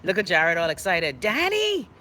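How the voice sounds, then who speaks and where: Indoors, a Bahamian woman hosts a live online show, chatting outspokenly and reading viewer comments with playful asides in dialect. She has a mid-range, sharp voice at a moderate pace, and slight background noise can be heard.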